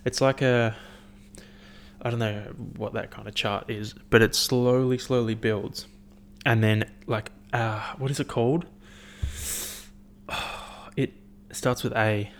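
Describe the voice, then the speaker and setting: A man's voice: medium pitch, fairly even intonation, takes it slowly, pauses often, slight background noise. A young man, hosting a casual solo rant, swearing often and rambling animatedly between stories.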